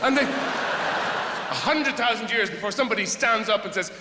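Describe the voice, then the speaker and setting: An Irish man doing stand-up comedy, wry and rambling, shifting between mumbled asides and loud outbursts. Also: high voice, moderate pace, heavy background noise. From Ireland. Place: theatre stage before a live audience. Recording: roomy hall with long reverb.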